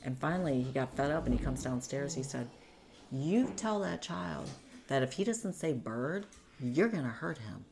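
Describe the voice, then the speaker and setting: A woman's voice: very deep voice, expressive, moderate pace, creaky, noisy background. A woman telling her own story in an interview, in a conversational way, acting out what others said.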